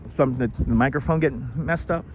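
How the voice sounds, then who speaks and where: Talking fast in a darkish, medium-pitched voice, a middle-aged man bikes through a city park while live-streaming. He reads out viewer messages and thanks them via a wireless lapel mic, with a little background noise.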